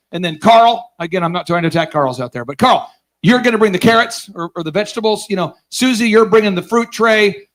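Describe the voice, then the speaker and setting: Energetic sarcastic man telling stories on stage. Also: high voice. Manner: energetic, sarcastic, acts out voices in his stories; keeps quizzing the audience. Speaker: business conference host. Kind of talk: live seminar storytelling to an audience.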